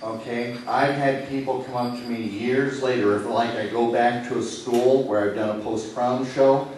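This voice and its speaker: A man from Nebraska working as a stage hypnotist in a comedy show, giving slow, soothing suggestions that sink soft and low when he tells people to relax. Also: steady tone, slight background noise. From Lincoln, Nebraska. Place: indoor city hall room. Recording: echoey hall, voice from far off.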